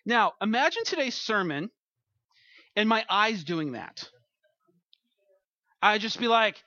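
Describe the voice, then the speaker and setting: A man's voice: sits high, very animated, moderate pace, pushed and bright, no echo, dull audio. A man preaching a conversational sermon as pastor, who acts out little quoted voices as he goes.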